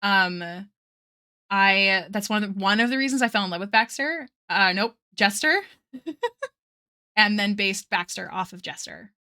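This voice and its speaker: Young woman, art streamer, bright ringing voice, chatty, rambling, laughs a lot. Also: mid-range voice, unhurried. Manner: chatty and rambling, laughs often, reads chat aloud. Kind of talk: casual stream chat while drawing.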